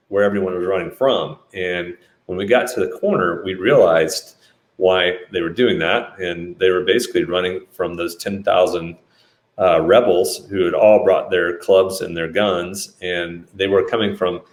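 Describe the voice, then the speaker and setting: A man telling a dramatic story in a lively way, acting out the quotes. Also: fairly low pitch, reverberant. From United States. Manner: animated, acts out quotes. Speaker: business leader telling a story. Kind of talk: storytelling talk.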